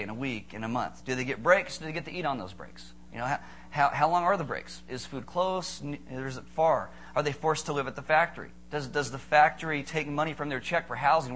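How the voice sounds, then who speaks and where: A man's voice: medium pitch, slight background noise. A man preaching a sermon, firing off rhetorical questions and joking with the congregation. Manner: animated, rhetorical questions, playful asides to congregation. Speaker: pastor.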